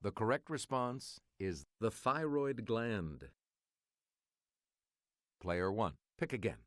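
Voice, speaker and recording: A man hosting a game show, reading quiz clues in a measured, formal manner. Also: fairly low pitch, expressive, background noise.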